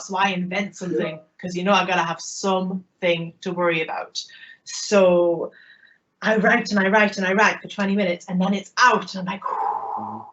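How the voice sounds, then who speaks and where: Sex: woman. Style: humorous keynote storytelling. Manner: lively, self-mocking. Pitch: mid. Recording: muffled, lo-fi online audio. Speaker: keynote speaker. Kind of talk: humorous personal storytelling talk.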